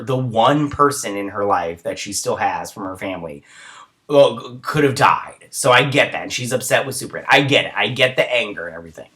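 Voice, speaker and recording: A man's voice: on the low side, pushed and bright. A man hosting a casual TV episode recap, rambling along and briefly acting out the characters. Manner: rambling, acts out characters in quick voices; chatty with lots of fillers like "he's like". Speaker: show host reviewing a TV episode.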